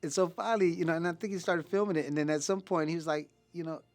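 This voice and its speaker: Speaking with a slightly high voice over faint background music, a man in his fifties from California offers his testimony as someone who graduated from a ministry program. His delivery is sincere and relaxed, full of slang and halting repetitions.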